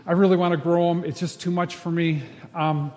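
A man's voice: fairly high pitch, level tone, fairly quick, darkish tone, lightly acted. A man voicing an old father who wishes his son would come help him, speaking in a plaintive, hesitant way. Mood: wistful. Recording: echoey hall reverb.

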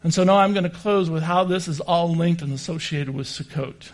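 A man's voice: a little high, fairly quick. A man preaching a sermon and reading scripture passages aloud.

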